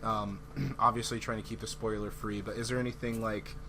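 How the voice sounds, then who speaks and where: A man's voice: on the low side, little pitch movement, brisk. A man hosts a casual podcast chat, hedging and earnest, with plenty of fillers and restarts. A faint hum runs under the voice. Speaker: podcast host.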